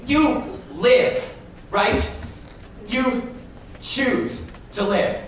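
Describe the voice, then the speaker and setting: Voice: medium pitch, very slow. An actor in a stage musical playing a lonely, fussy man who talks confidingly to the audience about an old cast record. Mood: chatty. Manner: chatty, confiding asides to the audience. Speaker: stage narrator. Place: large theatre stage. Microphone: far room mic. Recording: distant, echoey theatre stage recording.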